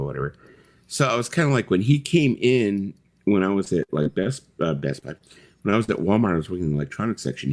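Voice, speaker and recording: A man's voice: low voice, a little mellow. A middle-aged man hosting a casual live chat, telling rambling stories full of fillers and the odd swear word. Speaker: host.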